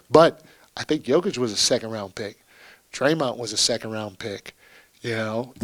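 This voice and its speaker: A man's voice: medium pitch, a bit bright, no echo. A man, a basketball head coach, answering at a post-game press conference in a candid, rambling, chatty way with small laughs.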